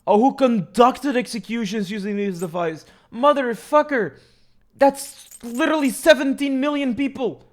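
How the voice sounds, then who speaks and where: A young man with a very high voice streams a video game at normal speed, giving casual commentary as he plays. He rambles, curses, and mocks himself along the way.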